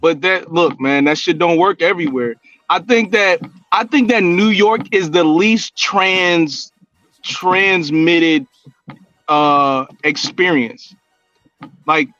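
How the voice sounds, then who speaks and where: A man's voice: high-pitched, a bit bright, dry recording, lo-fi sound. A man co-hosting a podcast, arguing bluntly in casual chat. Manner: blunt, argumentative, repeats himself. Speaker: podcast co-host.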